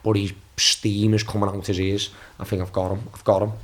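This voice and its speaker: A former footballer in his twenties, guesting on a podcast, tells casual anecdotes with free swearing, restarting often and raising his voice to act out quotes. His pitch is fairly low and fairly flat, his delivery brisk, with heavy background noise.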